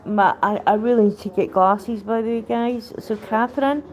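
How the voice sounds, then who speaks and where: A woman's voice: fairly high pitch, normal speed, few pauses, a little mellow, dull audio. A Scottish woman livestreaming while she walks about the street and shops, chatting in a rambling, meandering way. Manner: rambling, chatty, trails off mid-sentence. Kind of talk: casual live stream chat. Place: outdoors on the street and in shops, walking. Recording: street noise with passing traffic.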